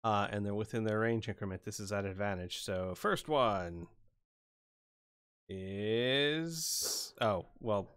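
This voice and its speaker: A man's voice: on the low side, slow, a bit bright, clean tone, dry recording, studio quality. A man running an online tabletop game as game master, thinking aloud in a casual way while he works out rules and dice rolls.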